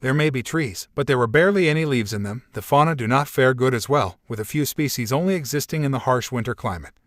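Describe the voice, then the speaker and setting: A man reading fan fiction aloud in an even, steady narration. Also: mid-range voice, fast, no room sound, clean studio sound.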